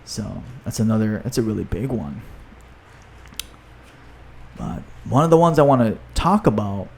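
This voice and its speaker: A man's voice: lowish voice, expressive, moderate pace, vocal fry, darkish tone, breathy edge. A man hosting a podcast in a casual, enthusiastic talk, often adding "you know" and "right?". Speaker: podcast host and author.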